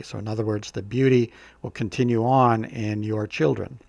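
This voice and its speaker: A man giving a relaxed, casual poetry lesson as a tutor, with frequent fillers and restarts, recorded on a close mic. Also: mid-range voice, normal speed, gravelly, few pauses, dry recording.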